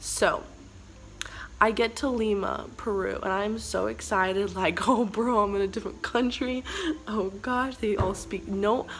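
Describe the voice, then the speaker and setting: A young woman from the United States, telling a travel story in a casual vlog, animated and dramatic, with lots of "like". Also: mid-range voice, a little hiss or hum, rough recording. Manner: animated, self-described dramatic, heavy use of "like". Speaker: travel vlogger.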